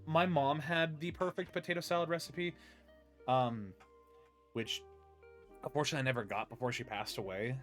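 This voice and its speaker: A man's voice: medium pitch, fairly even intonation, normal speed, pauses often, faint music behind. Giggly man reading recipes aloud. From United States. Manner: giggly, laughs often while reading. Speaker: podcast host.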